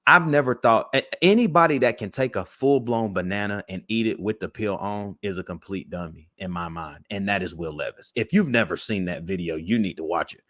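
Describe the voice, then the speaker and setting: A man's voice: fairly low pitch, a little fast, few pauses, fairly bright tone, dry recording, studio quality. A man co-hosting a sports podcast in a hyped, slangy, casual way. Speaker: podcast co-host.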